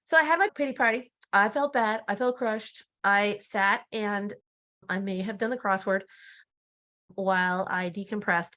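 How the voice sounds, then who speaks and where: A woman in her forties talking casually to camera as a life coach, chatty and animated, often laughing at herself. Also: mid-range voice.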